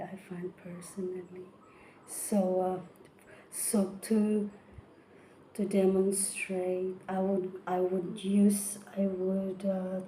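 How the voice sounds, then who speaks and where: A woman giving a casual spoken singing tutorial, halting with many fillers and restarts, some words slipping into a whisper. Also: mid-range voice, warm tone, slight background noise. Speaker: vocal technique presenter.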